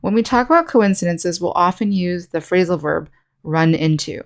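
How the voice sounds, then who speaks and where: A woman who teaches English gives a scripted online speaking lesson, explaining slowly and clearly and offering example sentences. Her voice is lowish and expressive.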